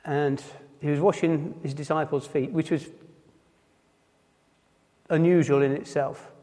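A man with a Nottinghamshire accent giving an informal sermon in church, halting and often repeating words as he restarts. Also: fairly high pitch, steady tone, dark tone. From Nottinghamshire, England. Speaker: preacher. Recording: long hall reverb.

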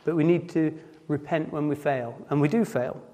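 A man's voice: on the high side, dark tone. Nottinghamshire man preaching in a reverberant hall. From Nottinghamshire, England. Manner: halting, repeats words and restarts often. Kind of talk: informal sermon.

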